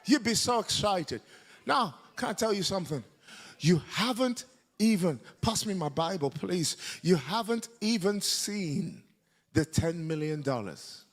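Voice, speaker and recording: Animated high-pitched male preacher. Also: a little slow. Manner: animated, shouting and call-and-response with congregation. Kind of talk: sermon. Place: church hall with congregation.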